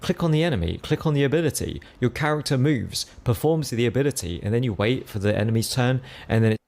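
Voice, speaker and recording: A man's voice: mid-range voice, expressive, fast, gravelly, darkish tone. A man reviewing a video game in a dismissive, complaining way. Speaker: game reviewer in a played clip.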